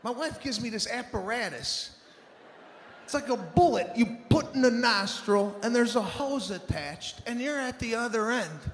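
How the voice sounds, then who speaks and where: Animated high-voiced man doing stand-up. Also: normal speed, a little hiss or hum. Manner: animated, shouting punchlines, acting out family members. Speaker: stand-up comedian. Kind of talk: stand-up comedy. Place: stage in a large theater. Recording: live hall with loud ambience. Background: audience laughter.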